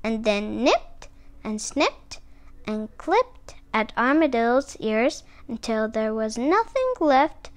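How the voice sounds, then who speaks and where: Woman reading a kids book aloud, high lively sing-song voice, takes her time. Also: takes it slowly. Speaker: storyteller.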